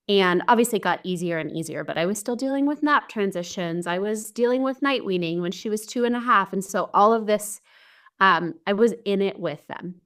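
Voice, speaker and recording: A woman's voice: on the low side, fairly bright tone, clean tone. A young adult woman, a guest on a podcast, talking earnestly in casual conversation with many fillers. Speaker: podcast guest, mom coach. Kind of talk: casual interview chat.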